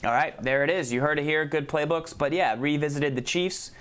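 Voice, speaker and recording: A man's voice: a little high, brisk, a bit bright, clear, resonant tone. A man hosting a casual gaming show, laid-back and joking as he moves things along. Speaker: show host.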